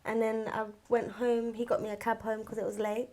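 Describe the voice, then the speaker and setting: A young woman, a rapper chatting as an interview guest and telling lively stories. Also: a little high, fairly quick. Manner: lively storyteller who acts out other people's voices. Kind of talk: casual interview chat.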